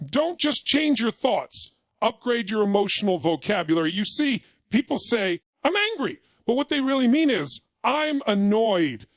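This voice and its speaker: A man's voice: very high voice, no echo. A man delivering a motivational speech in punchy, emphatic short declarations. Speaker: motivational speaker.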